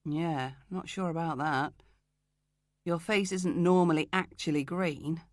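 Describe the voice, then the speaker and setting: A man's voice: a little high, steady tone, a little slow, dry recording, studio quality, natural voice. A woman voicing an easygoing male detective colleague who talks plainly and bluntly. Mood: frank.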